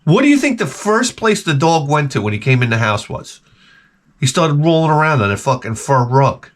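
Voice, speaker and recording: A man's voice: a little high, moderate pace. A man hosting his own channel, telling rambling comic stories with lots of swearing and stammered restarts. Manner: animated, profane, stammering restarts. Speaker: retro game channel host. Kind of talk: rambling comedic rant.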